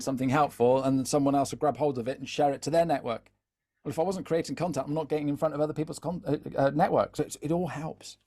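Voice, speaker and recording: A man's voice: mid-range voice, darkish tone. A man giving a live online talk as a social media trainer, chatty, often repeating words and checking in with "yeah?". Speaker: LinkedIn content trainer.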